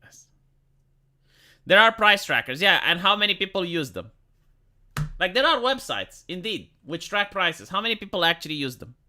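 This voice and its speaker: Bright-voiced profane live-stream ranter. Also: medium pitch, sing-song, fairly quick, slight background noise. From lives in Romania. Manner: profane, heated, rambling rant; laughs at own points. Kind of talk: ranting live-stream commentary.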